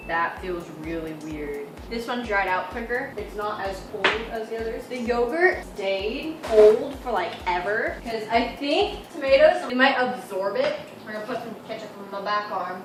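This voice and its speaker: A woman's voice: a little high, expressive, normal speed, hardly any pauses, very echoey, distant mic, background noise. A teenage girl vlogging casually, chatty and jumpy, squealing when something surprises her. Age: teens. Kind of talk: casual vlog chat.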